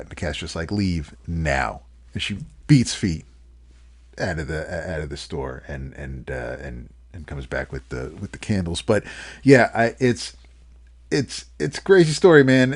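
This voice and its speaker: A man co-hosting a comics podcast, casually recapping a story with many restarts and fillers. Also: sits low.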